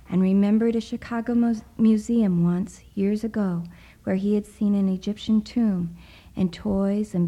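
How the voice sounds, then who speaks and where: A woman reading a story aloud in a hushed voice, often dropping into a whisper. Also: mid-range voice, low-quality recording. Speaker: narrator. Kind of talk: soft-spoken story reading.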